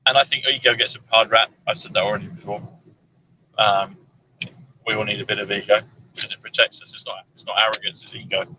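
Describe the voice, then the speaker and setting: A man's voice: lowish voice, flat delivery, fast talker, noisy background. A man chatting casually in a moving car, rambling through numbers with plenty of fillers. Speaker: numerology guest. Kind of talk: casual chat on a road trip. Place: inside a moving car on a road trip.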